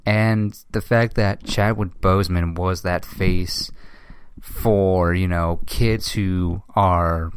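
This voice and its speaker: A young man hosting a casual commentary, speaking with emotion, halting often with restarts and swearing. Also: low-pitched, steady tone, a little hiss or hum. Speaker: host.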